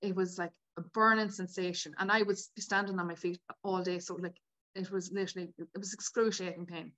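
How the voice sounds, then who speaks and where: A woman, a podcast guest telling a personal story in a lively way and acting out the people she quotes. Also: on the low side, a little fast. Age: 50s. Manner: animated, acts out quoted dialogue. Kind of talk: casual storytelling.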